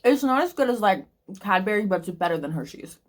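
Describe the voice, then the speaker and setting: An everyday woman's voice at a middle pitch, rambling through a casual taste test on her vlog. She is chatty and blunt about what she likes, filling pauses with ums and likes. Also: big pitch swings. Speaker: book vlogger.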